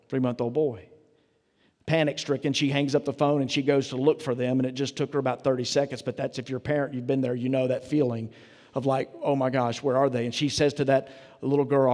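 A man's voice: medium pitch, darkish tone. A man, a pastor, preaching a sermon in a conversational, storytelling way, with asides to the congregation. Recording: long reverb of a large hall.

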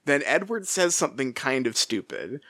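Lively, laughing podcast co-host. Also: mid-range voice, normal speed, no room sound, studio quality. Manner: animated, laughing, lots of fillers and restarts. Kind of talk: casual book discussion.

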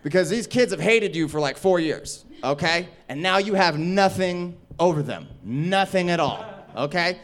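A stand-up comedian, a man, telling a rowdy story in casual, animated speech with laughter and swearing. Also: high-pitched, moderate pace, few pauses.

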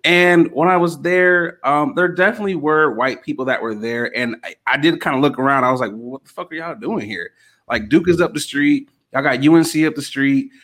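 A man's voice: fairly high pitch, a little fast, few pauses, a bit bright. A young man co-hosting a casual podcast chat, telling laid-back stories and swearing casually. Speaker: podcast co-host.

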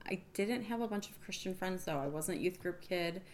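Chatty woman guest with a lowish voice. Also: fairly quick, darkish tone, slight background noise. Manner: chatty, laughs while telling her story. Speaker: podcast guest. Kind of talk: casual chat.

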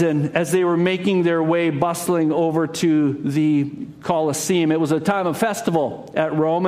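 Man, preacher, sermon storytelling, dramatic swells and hushes, slightly high voice. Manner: dramatic, builds to loud cries then drops to a hush. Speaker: pastor.

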